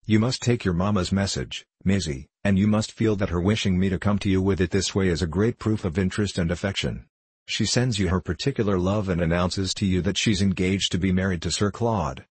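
A man's voice: sits low, a little fast, a little mellow, husky, no echo. A man reading the part of a spirited, stubborn older governess who speaks firmly and earnestly. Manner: firm, earnest. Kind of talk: audiobook reading.

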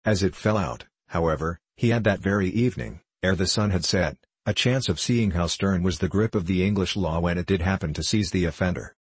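Man, audiobook narrator, deep voice, husky, dry close sound, measured storytelling. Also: no echo. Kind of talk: scripted narration.

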